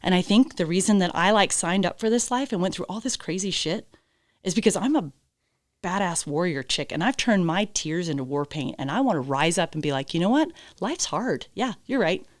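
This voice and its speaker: A woman's voice: fairly low pitch, a little fast, dry recording, studio quality. A woman guest on a podcast, a horse trainer telling her story candidly, with emphatic, blunt phrasing and casual swearing. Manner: acts out quoted dialogue.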